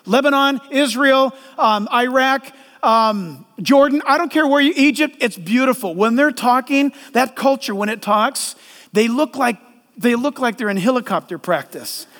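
A man preaching a sermon as a pastor, animated and acting out voices in the quotes. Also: extremely high pitch, normal speed, in a large hall.

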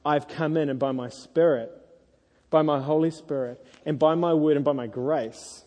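A married man preaching a sermon to a congregation, earnest and lively when he tells stories. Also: a little high, moderate pace. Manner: earnest, animated storytelling. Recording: echoey hall.

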